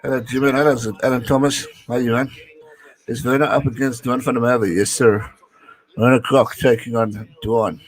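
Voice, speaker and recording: A man's voice: mid-range voice, fairly even intonation, moderate pace, poor audio. A young man giving casual live watch-along commentary on a rugby match, chatting with viewers and reading out their messages.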